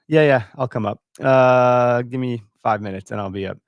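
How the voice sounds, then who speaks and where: A man's voice: fairly low pitch, normal speed. A man from Wisconsin chats casually on a live stream from his home computer, rambling and stopping to read viewer comments. He sounds a bit out of breath with a stuffy nose. The mic is close and dry, with no room echo. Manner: rambling, reads comments aloud, many fillers. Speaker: host of a hunting podcast. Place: home, early morning.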